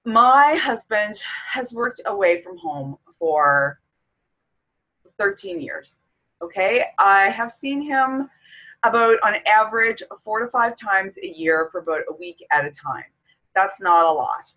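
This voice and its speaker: A middle-aged Canadian fitness coach speaks candidly to camera in a personal vlog, emotional and close to tears. Her mid-range voice has a sharp tone and lively intonation, and she talks slowly. The audio sounds dull.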